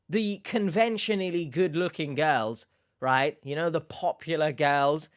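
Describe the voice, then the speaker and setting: A man hosting a reaction commentary, sarcastic and mocking, with sudden loud outbursts. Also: fairly high pitch, unhurried, no room sound, clean studio sound. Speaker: commentary host.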